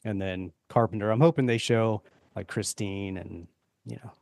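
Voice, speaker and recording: A laid-back man hosting a podcast, a little low in pitch, speaking easily with fillers. The recording is dry and close. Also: normal speed, vocal fry, dry recording. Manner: relaxed, easygoing, fillers. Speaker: podcast host. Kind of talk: casual chat.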